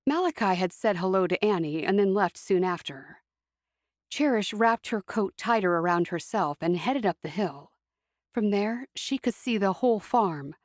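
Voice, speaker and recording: A woman narrating an audiobook in an expressive storytelling manner, on a close studio mic. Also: mid-range voice, dry recording. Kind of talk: scripted narration.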